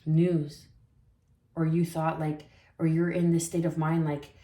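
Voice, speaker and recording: A woman giving a spiritual tarot reading in a soft, reflective way, often repeating phrases for emphasis. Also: low voice, level tone, unhurried, echoey room. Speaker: tarot reader.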